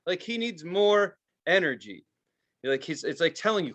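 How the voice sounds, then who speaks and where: A man's voice: a little high, lively intonation, normal speed, a bit bright. A man co-hosting a podcast, telling a story in a casual, exasperated rant full of swearing. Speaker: podcast co-host. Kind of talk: casual ranting chat.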